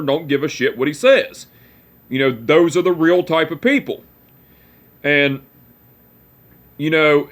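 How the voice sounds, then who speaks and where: This is a young man in his twenties with a drawl and a somewhat higher pitch than most men. He rambles through his story, restarting sentences and swearing freely. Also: fairly bright tone. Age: 20s. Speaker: vlogger. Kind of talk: casual storytelling to camera.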